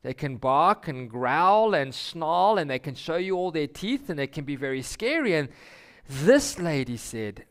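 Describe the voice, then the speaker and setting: A man's voice: on the high side, measured pace. A man telling a story to a church congregation, acting out the characters as he goes. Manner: animated storytelling with voiced characters. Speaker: speaker giving a children's story. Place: church sanctuary.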